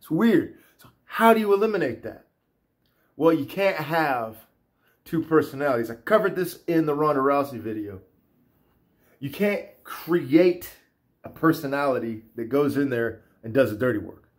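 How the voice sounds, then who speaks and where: A man ranting in a casual vlog, animated and profane, often repeating himself. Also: medium pitch, normal speed. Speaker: vlogger. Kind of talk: casual rant.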